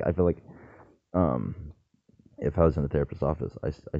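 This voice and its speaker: A man's voice: very deep voice, creaky. A man talking in a rambling, casual monologue, often tossing in "right?" and the odd swear word. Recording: tinny phone-like sound.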